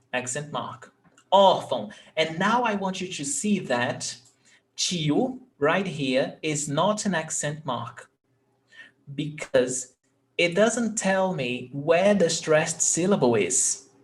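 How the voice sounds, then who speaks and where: A Brazilian man, a native Portuguese speaker, teaching a language lesson in English and patiently repeating example words. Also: fairly high pitch.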